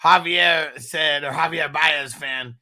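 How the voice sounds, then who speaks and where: A man's voice: a little high, fairly even intonation, takes it slowly, sharp tone. A man co-hosting a late-night fantasy football chat, laid-back, laughing often and reading out viewer comments.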